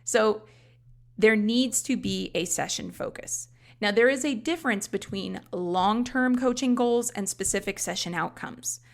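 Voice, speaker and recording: A woman talks through lessons in an instructional podcast, conversational and explanatory. Her voice has a gravelly, fry-tinged edge at a middle pitch. She often drops in casual asides as she teaches. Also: unhurried. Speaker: life coach trainer and podcast host.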